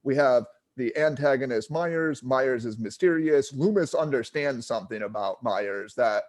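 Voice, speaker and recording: A man's voice: mid-range voice, moderate pace, a little mellow. A man co-hosting a film podcast, chatting casually, laughing often and checking in with "right?". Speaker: podcast co-host.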